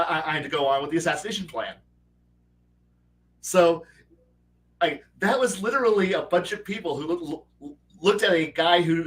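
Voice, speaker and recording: A man hosts a loose online chat about running his game world, slipping into little character voices as he tells it. His voice sits a bit high for a man. He stammers and restarts, and sounds a touch distant from his microphone. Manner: animated storyteller who acts out quoted characters. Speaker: host and game master. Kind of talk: casual livestream chat. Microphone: online call mic. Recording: voice distant from the mic.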